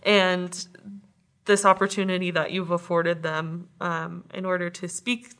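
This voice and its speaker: A woman's voice: lowish voice, little pitch movement, unhurried, fairly bright tone. A woman interviewing a coach, affirming what he has done and checking her facts tentatively. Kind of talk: conversational interview.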